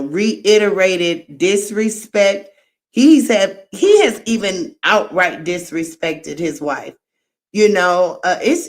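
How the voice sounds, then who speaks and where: Slow-talking woman giving frank live commentary. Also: mid-range voice. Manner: frank, exclaiming, laughing asides. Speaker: host.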